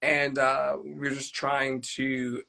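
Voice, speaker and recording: Bright-voiced reflective man. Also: mid-range voice, completely flat delivery, slow, creaky, low-quality recording. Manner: earnest and reflective, with restarts. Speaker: co-host. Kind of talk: reflective casual chat.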